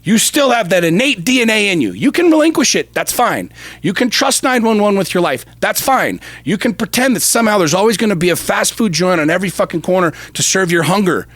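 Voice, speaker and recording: A man delivering a heated podcast rant in a slightly high voice, punching his points with profane repetition. He jumps between loud bursts and low, intense stretches. The sound is close and dry. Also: animated, brisk, no echo. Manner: forceful, profane, emphatic repetition; swings from shouting to low intensity. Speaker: podcast co-host.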